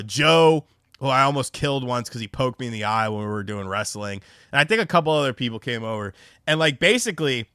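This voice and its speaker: Young man from north carolina, livestream chat, lively swooping pitch, dry close sound, rambling and profane. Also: dry recording. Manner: rambling, profane storytelling with frequent fillers. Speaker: streamer.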